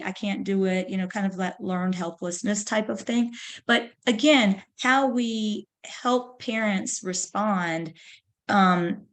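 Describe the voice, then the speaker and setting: A woman giving a recorded lecture on play therapy in a conversational, anecdotal way, with frequent fillers and restarts. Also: mid-range voice. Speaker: counselor education lecturer.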